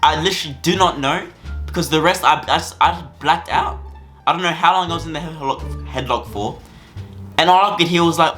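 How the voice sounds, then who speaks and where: A man's voice: on the high side, brisk, pushed and bright, faint music behind. A young man telling a school story to camera in a rambling, casual way, full of fillers and repeats. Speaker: vlogger.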